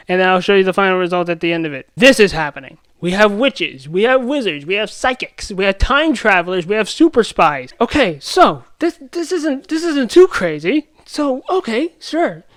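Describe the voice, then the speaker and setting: A young man rambling through a pop-culture rant as a YouTube commentator, excitable and full of restarts and self-interruptions. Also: sits high, clear, resonant tone, dry recording.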